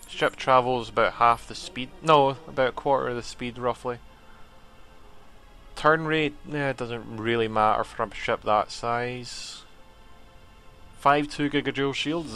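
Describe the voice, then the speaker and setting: A man narrating his gameplay in a relaxed, musing tone, thinking aloud with little fillers. His voice sits in a middling pitch. Faint game music plays behind him. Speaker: let's play host. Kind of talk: gameplay commentary.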